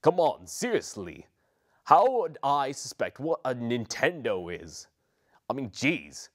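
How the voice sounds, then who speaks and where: A cranky, sarcastic ancient male spirit, voiced by a young man, whines about his cramped home. His pitch swings lively and animated. The delivery is a comedic fan-parody voice. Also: slow, heavily acted. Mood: whiny. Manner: whiny, sarcastic.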